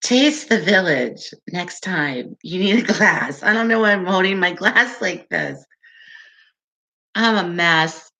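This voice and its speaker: Slow, soft-voiced woman host. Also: lowish voice. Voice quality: soft, calming voice. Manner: chatty and unhurried, giggly. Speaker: livestream host. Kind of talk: casual livestream chat answering viewers.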